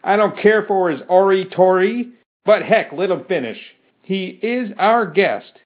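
A man's voice: high voice, animated, unhurried, pitched above the performer's own voice. A man putting on a bold frontier woman. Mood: calming. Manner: raised, rallying shouts. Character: bold frontier woman keeping the crowd in line. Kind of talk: audiobook character reading. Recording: dull lo-fi recording.

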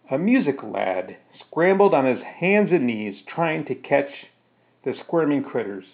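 A man's voice: medium pitch, big pitch swings, unhurried. A man narrating a first-person story, later explaining it casually with fillers. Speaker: storyteller reading his own story. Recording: narrow phone-like sound.

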